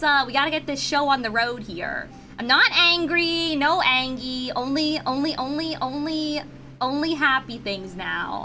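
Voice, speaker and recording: A woman's voice: on the high side, sharp tone. A woman streaming as a VTuber who chats casually with her viewers. She is giggly and playful, and she often repeats her words. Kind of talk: casual live-stream chat.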